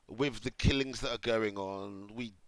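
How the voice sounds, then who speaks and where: A man's voice: lowish voice, unhurried, dry recording. A middle-aged man from Jamaica giving off-the-cuff commentary, reading articles aloud and reacting with sarcasm. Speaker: commentary host.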